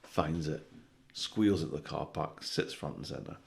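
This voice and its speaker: A man with a very low voice tells jokes in a relaxed podcast conversation. He talks in an animated, sweary way and keeps tagging his lines with "right?". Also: a little slow, vocal fry. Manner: animated storytelling, sweary, with frequent "right?" tags. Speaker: comedian guest. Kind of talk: casual podcast chat, telling jokes.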